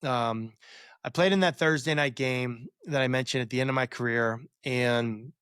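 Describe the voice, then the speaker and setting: A man's voice: medium pitch, normal speed, fairly bright tone, clear, resonant tone, no echo, studio quality. A man in his forties, a guest on a podcast, telling a long reflective story in a rambling way with many fillers and restarts. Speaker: guest, former quarterback.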